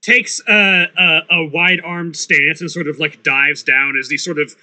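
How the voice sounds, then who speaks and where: A man playing in a tabletop game who describes his character's moves in loose, hedging phrases. His voice is very bright and slightly high. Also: fairly even intonation, measured pace. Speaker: player.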